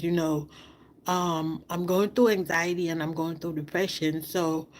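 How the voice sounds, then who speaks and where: A woman's voice: lowish voice, fairly even intonation, unhurried, slight background noise. A woman on a livestream, speaking in an impassioned, repetitive way and asking many rhetorical questions while fighting back tears. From outside the United States. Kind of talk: emotional livestream monologue.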